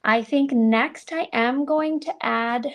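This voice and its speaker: A woman with a slightly high voice and a gravelly fry runs a live card-making demo. She chats to her viewers as she works and pokes fun at her own methods. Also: slow pace. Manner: chatty, self-deprecating, talks to viewers while working.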